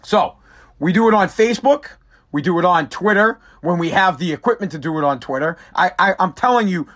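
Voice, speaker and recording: A tired man rants on his own solo podcast, profane, exasperated and rambling. His voice is high with a fairly bright tone.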